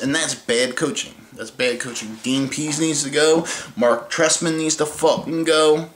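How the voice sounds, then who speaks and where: A man's voice: on the high side, unhurried, hardly any pauses. A man ranting about his football team in a heated, profane, mocking way. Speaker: sports fan ranting. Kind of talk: angry rant vlog. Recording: echoey room with faint noise.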